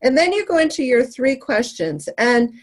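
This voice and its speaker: A woman's voice: high-pitched, very animated, moderate pace. A woman hosting, recapping her guest's points with upbeat enthusiasm. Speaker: podcast host.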